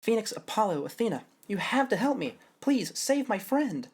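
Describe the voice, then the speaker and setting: Man putting on a high, bubbly pirate-show girl. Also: sing-song, normal speed, breathy edge, heavily acted. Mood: pleading. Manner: bubbly, pun-filled, pleading. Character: perky woman aquarium pirate-show performer, punny.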